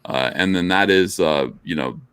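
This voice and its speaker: A man's voice: deep voice, normal speed, a bit bright, smooth, dry recording. A man hosting a livestream, giving blunt, profane advice in casual talk. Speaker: livestream show host.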